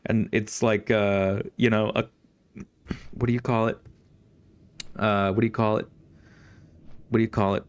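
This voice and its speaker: A man's voice: fairly low pitch, level tone, a little slow, pauses often, clean tone, no room sound. A young man streaming a game and telling a long story in a rambling, profane way, with lots of fillers and restarts. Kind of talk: casual storytelling while gaming.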